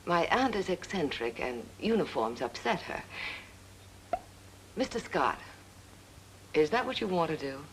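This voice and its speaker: An actress playing a composed young woman asking for help, speaking in a polite, cool and measured 1940s film style. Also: lowish voice, sing-song, a little hiss or hum, rough recording.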